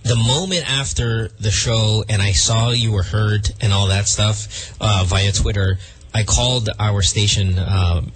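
A man's voice: on the low side, fairly even intonation. A man hosting a radio show, chatting casually and stumbling through restarts. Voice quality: husky, halting with many restarts.

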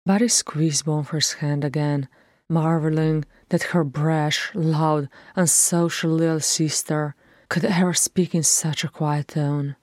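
Woman narrator, unhurried, lowish voice, dry close mic, audiobook reading. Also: fairly even intonation, a little mellow, no room sound. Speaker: audiobook reader.

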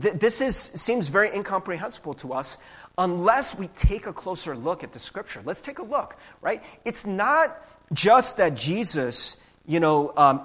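Animated, husky-voiced male pastor. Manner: casual, animated preaching with frequent "right?" tags; acts out voices with big pitch jumps. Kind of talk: conversational sermon.

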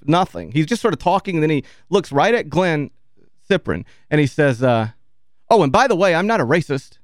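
A man co-hosting a radio show, telling an anecdote in a lively way, acting out quotes and laughing often. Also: fairly high pitch, no echo, clean studio sound. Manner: animated anecdote teller who laughs often and acts out quotes. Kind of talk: casual storytelling chat. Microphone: studio microphone.

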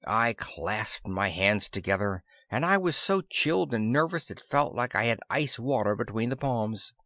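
A man's voice: on the low side, animated, normal speed, sharp tone, no echo, studio quality. A man narrating a science fiction audiobook in the first person, giving the characters their own voices. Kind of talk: scripted narration.

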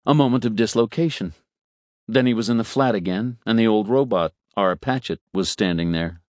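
A man narrates a story in a low, measured voice, changing his tone for each character. The recording is dry and close, with no room sound. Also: darkish tone, dry recording. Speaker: audiobook narrator. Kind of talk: scripted narration.

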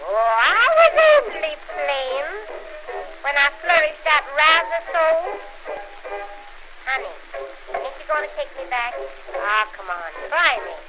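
A woman's voice: sits high, very animated, slow pace, long pauses, full character voice, poor audio. Woman singing as a pleading tipsy wife, vaudeville style. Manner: pleading, half-sung, half-spoken patter. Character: remorseful tipsy woman begging her husband. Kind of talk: early 1900s vaudeville comic song. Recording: old 1909 gramophone recording with music.

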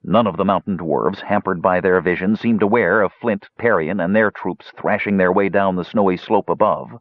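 A man in scripted audiobook narration, telling a fantasy story with animated delivery. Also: low voice, normal speed, dry recording. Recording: dull, dry lo-fi recording.

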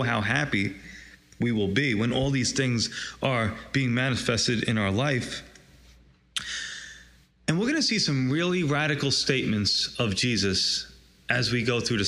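A man with a clear, bright voice leads an evening Bible study, talking in an easy, conversational way. He keeps checking in with his listeners as he teaches. His pitch is in the middle range for a man. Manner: conversational, asks "right?" often. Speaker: pastor.

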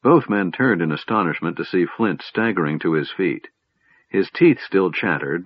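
A man narrating a fantasy audiobook in an expressive, dramatic reading. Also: low-pitched, slightly rough, dry recording, lo-fi sound.

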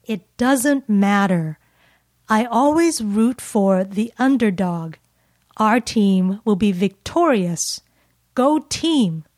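A woman playing a teasing, smug woman in a slow, clearly spoken dialogue for English learners. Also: mid-range voice, expressive, a little mellow, no echo, clean studio sound. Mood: playful. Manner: playful, taunting, slow and clear.

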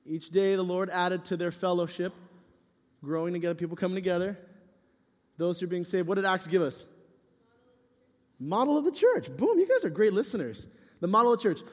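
A young man giving a playful youth sermon as pastor, teasing and quizzing his listeners. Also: sits high. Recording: reverberant hall.

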